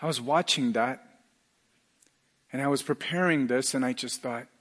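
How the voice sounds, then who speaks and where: A middle-aged male pastor preaching a sermon earnestly, dropping to a hush and then rising to loud emphatic lines. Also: mid-range voice, moderate pace, breathy edge, big-room sound.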